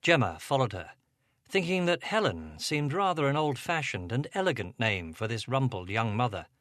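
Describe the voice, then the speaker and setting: Expressive man narrating an audiobook. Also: mid-range voice, moderate pace, no room sound, clean studio sound. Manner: expressive, voices each character.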